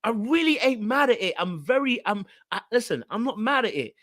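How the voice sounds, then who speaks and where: Animated man recapping reality TV. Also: extremely high pitch, brisk, dry recording, studio quality. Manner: animated, repeats words, talks straight to viewers. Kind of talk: casual commentary recap.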